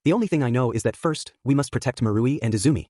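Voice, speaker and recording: A man's voice: medium pitch, animated, fast talker, dry recording, studio quality, lightly acted. A man voicing a fierce, hot-tempered young woman in a fanfic reading. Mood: fierce, angry. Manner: fierce, shouting.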